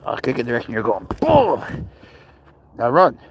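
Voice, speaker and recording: A man's voice: medium pitch, rapid-fire, a bit bright. A young man from Spain, outdoors, coaxing and cheering on his cat in a playful way. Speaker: pet owner filming his cat. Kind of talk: casual talk to a pet.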